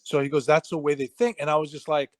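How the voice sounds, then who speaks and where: A man's voice: fairly high pitch, flat delivery, quick pace, dry recording. A middle-aged man, a martial arts instructor, telling stories in a casual interview, acting out quoted voices and laughing easily.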